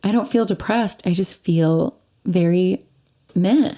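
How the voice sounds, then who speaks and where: Giggly woman, mellow voice, podcast chat. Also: lowish voice, takes it slowly. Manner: playful, giggly, rambling with lots of "like". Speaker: podcast co-host. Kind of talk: casual chat. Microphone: studio podcast mic.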